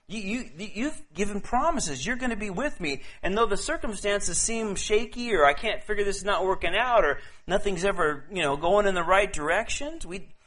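A man with a high voice preaches in an easygoing, conversational way. He stumbles and repeats words as he talks, then slows down to read scripture with care. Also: fairly bright tone. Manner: casual and halting, often repeating words; reads scripture slowly and deliberately. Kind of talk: conversational sermon.

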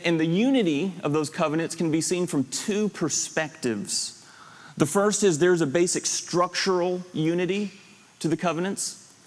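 A man with a fairly high voice teaches a Bible class, laying out his points step by step and circling back to recap them. He pauses to put questions to the students in the room. His voice rings with the long reverb of a hall. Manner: explanatory, recaps lists and repeats points.

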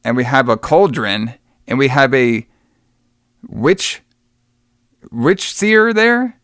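A man's voice: mid-range voice, very animated, slow pace, fairly bright tone, no room sound, clean studio sound. Rambling laid-back male podcast host. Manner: rambling, laughing, swearing. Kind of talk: casual chat, retelling a show.

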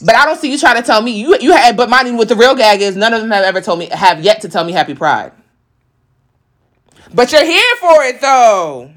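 A woman's voice: a little high, animated, fairly quick. Blunt, profane woman in her thirties. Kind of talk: casual chat.

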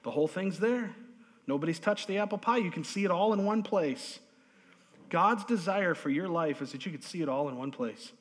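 A man preaching a sermon to a congregation, pressing his points with repeated words and calls of amen, swinging between loud emphasis and hushed asides. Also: high-pitched, normal speed. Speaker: pastor. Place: church sanctuary. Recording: long reverb of a large hall.

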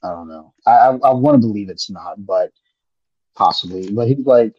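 A man's voice: fairly low pitch, moderate pace, darkish tone, husky. A man in laid-back, rambling casual chat on a podcast, swearing freely. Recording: muffled lo-fi audio.

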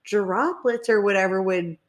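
Slow-talking young woman, casual chat. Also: mid-range voice. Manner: animated storytelling, swears freely, laughs often.

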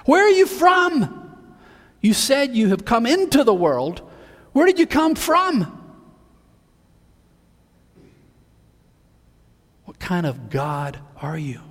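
A man voicing an anxious, domineering Roman governor in a sermon, shouting his demands with a raised pitch. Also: sing-song, normal speed, in a large hall. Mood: demanding.

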